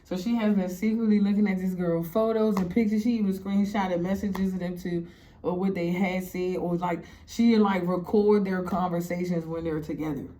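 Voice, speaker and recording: A young woman telling a story to her viewers in a casual, animated way, laughing often and filling her talk with "like". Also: fairly low pitch, normal speed, slight background noise. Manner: animated, laughing, heavy "like" fillers. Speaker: storytime vlogger.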